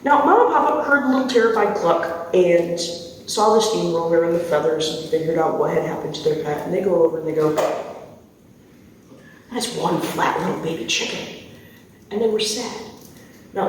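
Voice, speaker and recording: A man telling a playful story at camp in a casual, animated storytelling way, with asides to his listeners. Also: high voice. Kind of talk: campfire storytelling. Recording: echoey, distant, faint background noise.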